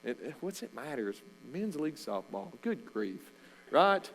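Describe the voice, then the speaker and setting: A middle-aged man, a coach giving an informal, animated sermon talk in a church. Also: fairly high pitch, normal speed, low-quality recording. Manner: storytelling, animated, with loud shouted bursts.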